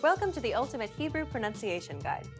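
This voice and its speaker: Lively woman teaching pronunciation. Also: fairly high pitch, quick pace, music in the background. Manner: upbeat, clearly enunciated instruction. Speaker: language teacher host. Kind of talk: scripted lesson narration.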